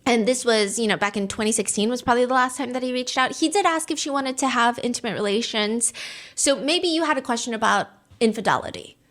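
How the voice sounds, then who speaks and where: A woman's slightly high voice lays out a true crime case. She explains step by step and walks the listener through possible theories in an even, storytelling manner. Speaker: true crime podcast host.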